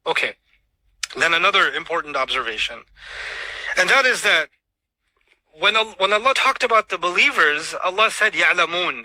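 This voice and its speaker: A man delivers an animated religious lecture in a high, sharp voice. He throws rhetorical questions at his listeners and races through Arabic verses. The sound is dry and close. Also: no room sound, rough recording. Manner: recites Arabic verses rapidly. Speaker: Islamic speaker.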